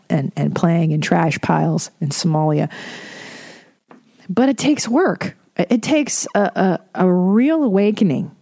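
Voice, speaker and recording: Woman, podcast host, casual monologue, profane, rambling, mellow dark voice, dry sound. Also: fairly low pitch, no room sound. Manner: frank and profane, rambling with restarts.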